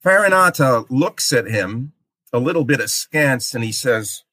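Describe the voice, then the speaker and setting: A male lecturer talks slowly and with a bright, forceful tone. He explains step by step and often pauses to check in with "okay?". The recording is dry and close. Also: mid-range voice, lively intonation, dry recording. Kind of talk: literature lecture.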